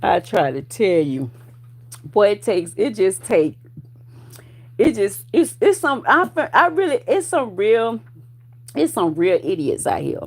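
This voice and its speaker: Gravelly, profane woman in her forties ranting. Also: medium pitch, sing-song, measured pace, pauses often. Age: 40s. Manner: profane, confrontational, loud bursts of laughter. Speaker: vlogger. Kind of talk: ranting commentary to viewers.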